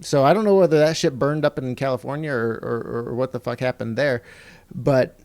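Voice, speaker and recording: A man's voice: medium pitch, a little fast, a little mellow, dry recording. A middle-aged man co-hosting a casual podcast over a video call, blunt and swearing as he gripes. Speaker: podcast co-host. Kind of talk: casual profane chat.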